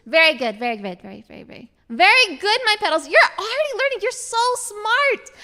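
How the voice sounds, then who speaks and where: A woman's voice: extremely high pitch, huge pitch swings, fast, bright, forceful tone. A woman streaming as an elf florist character, teasing her viewers playfully and repeating words as she talks. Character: elegant female elf florist. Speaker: VTuber streamer. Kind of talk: casual debut stream chat with singing.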